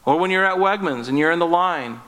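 A man with a bright, fairly high voice preaches a relaxed, conversational sermon. He slips into quick acted-out exchanges and jokes at his own expense. The sound carries a long reverb from a church sanctuary. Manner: conversational, acts out short dialogues, self-deprecating humor. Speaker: pastor. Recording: echoey church hall.

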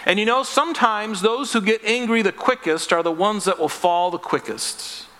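A man's voice: high-pitched, normal speed, pushed and bright. A man preaching a sermon as pastor, earnest and conversational, acting out little voices as he tells the story. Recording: long reverb of a hall.

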